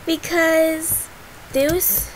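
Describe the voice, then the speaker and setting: Chatty woman gamer in her bedroom, high and slow-paced, giggly. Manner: giggly, rambling, with sudden excited squeals. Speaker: gaming channel host. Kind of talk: casual gameplay commentary. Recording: noisy, fireworks popping behind. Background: fireworks.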